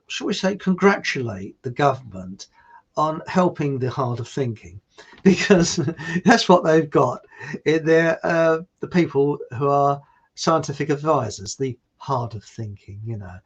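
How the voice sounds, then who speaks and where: Slightly high and a bit slow, his voice has lively intonation and a breathy edge, though the recording is muffled. He runs his own online show as a loose, rambling live stream, joking around, chuckling at his own lines, and reading out viewer comments.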